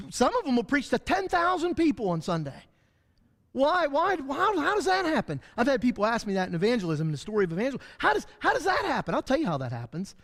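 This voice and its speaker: A man's voice: high voice, long reverb tail. A man teaching a Bible study lesson in a church, talking animatedly and acting out the voices of the people he describes. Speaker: preacher.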